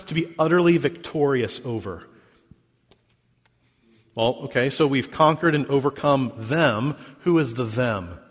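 A man preaching a sermon as pastor, reading scripture and stressing key words, with sharp swings between loud emphasis and quiet drops. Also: long reverb tail. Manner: emphatic preaching with big swings in pitch and volume.

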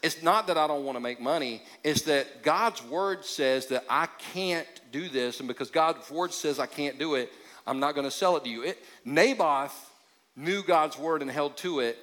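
A male pastor preaching a sermon in a conversational, joking way, with sudden drops into quiet emphasis. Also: fairly high pitch, moderate pace. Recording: long hall reverb.

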